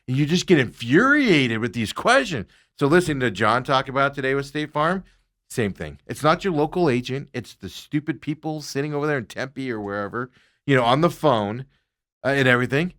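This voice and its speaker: Host, man, lively pitch, exasperated storyteller, casual chat. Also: brisk. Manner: animated storytelling, exasperated rants. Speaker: radio show host.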